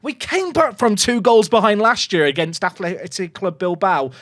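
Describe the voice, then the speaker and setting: Excitable male gaming commentator who shrieks at chances, wildly animated delivery, dry close sound. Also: sits high, normal speed, hardly any pauses, dry recording. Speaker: gaming YouTuber. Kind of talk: live football-game commentary.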